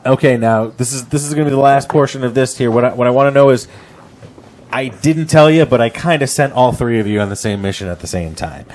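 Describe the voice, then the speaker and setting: A man hosts a loose comedy game show, ribbing his contestants with crude, teasing jokes. His voice sits at an ordinary middle pitch. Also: brisk, darkish tone. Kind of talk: casual comedic banter.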